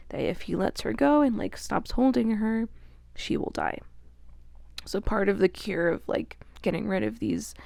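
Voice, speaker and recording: A woman's voice: mid-range voice, creaky, a little mellow, no echo, studio quality. A young woman giving a casual, chatty book recap, swearing and laughing often. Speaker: book reviewer.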